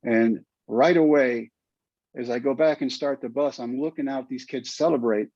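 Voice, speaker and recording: A man's voice: mid-range voice, fairly even intonation, moderate pace, a little mellow, no echo. An older man with a Texan accent, a podcast guest telling a heartfelt story in an earnest, emotional way. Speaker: guest, former pitcher and teacher. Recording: dull, lo-fi, dry sound.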